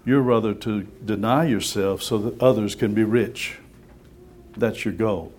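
A man preaching a sermon, conversational and lively, firing rhetorical questions and acting out little voices. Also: lowish voice, measured pace, slight background noise.

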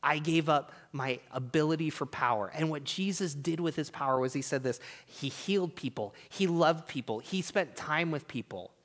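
A man in his thirties preaching a sermon in a church, chatting casually and swinging between loud emphasis and hushed, near-whispered lines. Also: fairly high pitch, normal speed, few pauses. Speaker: pastor. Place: church sanctuary.

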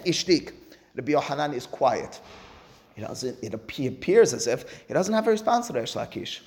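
Animated man teaching Talmud. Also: normal speed. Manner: acts out dialogue between sages with big pitch swings; mixes Aramaic and Hebrew terms into English.

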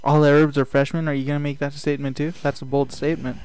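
A young man co-hosting a casual podcast, teasing and asking wry questions. His voice is somewhat high for a man, recorded dry and close with no room echo. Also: little pitch movement, racing, a little mellow, clear, resonant tone. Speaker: podcast co-host. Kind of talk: casual chat.

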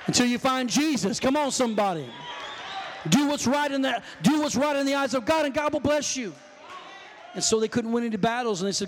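A man preaching a fervent sermon in a church, often shouting calls to the congregation. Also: very high-pitched, normal speed, a little hiss or hum. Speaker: pastor. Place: church sanctuary. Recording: long hall reverb.

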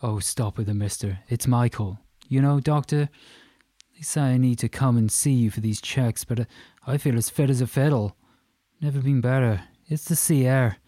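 A man voicing a stocky, white-haired Irish man in his fifties with an Irish accent, effusive and boastful, talking fast. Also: medium pitch, warm tone, no echo, clean studio sound, lightly acted. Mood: boastful chatty. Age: 50s.

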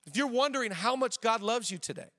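A man in his thirties preaching a sermon as a pastor, energetic, slowing down to stress key lines and tossing in joking asides. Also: very high-pitched, in a large hall. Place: church auditorium.

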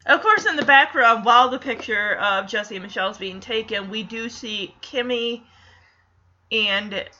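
A woman's voice: fairly high pitch, unhurried, dull audio. A woman hosting a podcast, recapping an episode in a casual, giggly way and putting on voices for the characters. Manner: animated, giggly, does voices. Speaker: podcast host.

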